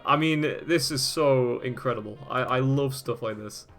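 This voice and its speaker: Man, laid-back commentary, laughing, casual swearing, middle pitch. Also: moderate pace, a bit bright, soft background music. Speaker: host. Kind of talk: casual commentary while browsing and reading web pages aloud.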